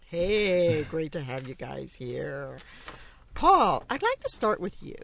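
A woman's voice: low-pitched, huge pitch swings, slow, creaky, fairly bright tone. A woman hosting a community radio show, chatty and upbeat as she introduces guests and asks for donations.

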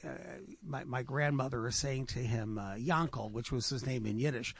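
A man telling personal stories on a radio talk show, halting and reflective, with many repeated words. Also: mid-range voice, no room sound. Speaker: storyteller guest. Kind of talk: radio conversation. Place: radio studio.

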